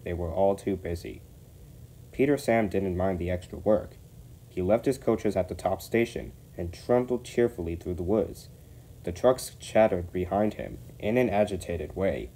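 A man narrating a railway storybook in a steady, measured way. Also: sits low.

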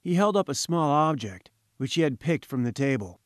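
A man reading first-person audiobook narration in a measured, wry manner. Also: a little high, very animated, no echo, studio quality. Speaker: audiobook reader.

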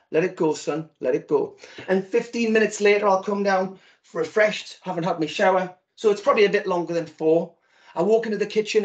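A man's voice: high-pitched, dull audio. A man giving a talk, telling a comic story from his marriage and acting out the voices. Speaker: speaker. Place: virtual event.

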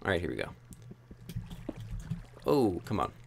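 A man's voice: deep voice, wildly swooping pitch, measured pace, creaky, background noise. A young man commenting on his own gameplay, muttering frustrated self-talk with sudden yelps. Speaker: gaming YouTuber.

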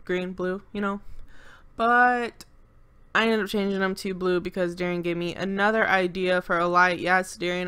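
A woman's voice: on the low side, steady tone, moderate pace, a bit bright, clean tone. A young woman co-hosting a game channel, talking through a casual voice-over into a desk mic at home. She rambles with lots of filler, brags playfully, and sounds a bit stuffy-nosed and short of breath. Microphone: desk microphone at home.

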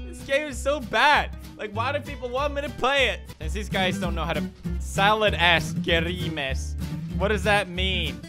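A young man doing comedic gaming commentary, shouting with mock anger and laughing between sarcastic remarks. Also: high voice. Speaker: gaming YouTuber. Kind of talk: joking gameplay commentary.

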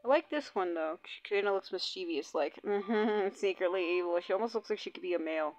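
A woman's voice: lowish voice, brisk. A young woman host chatting casually and with lots of swearing while commenting on her gameplay. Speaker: gaming channel host. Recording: dull lo-fi audio, faint game music.

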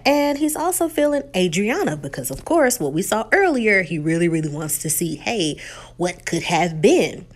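A woman's voice: on the low side, moderate pace. Chatty woman recapping a show. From Texas. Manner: animated retelling, acts out quotes, laughs. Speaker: reality show recap vlogger. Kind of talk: casual recap chat.

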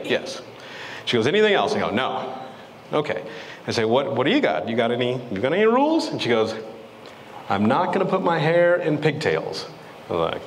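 High-voiced guy doing stand-up in a club, swings his voice all over, noisy live sound. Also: normal speed. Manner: animated storytelling, acting out both sides with big pitch jumps. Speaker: stand-up comedian. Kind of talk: stand-up set. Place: comedy club stage. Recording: live club audio with long reverb and noise. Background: audience laughter.

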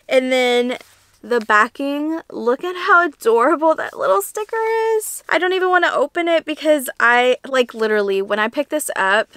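Young woman, crochet vlogger, casual chat, gushing, teary, smooth voice, dry close sound. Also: high voice, expressive, moderate pace, sharp tone, no echo. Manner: chatty, gushing, lots of fillers. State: teary, emotional.

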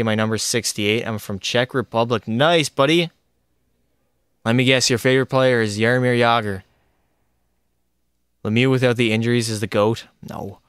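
A young man streaming a hockey video game, talking to his chat and his in-game teammates in an excitable, chatty way. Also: medium pitch, clean tone, no echo, studio quality. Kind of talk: live gameplay commentary.

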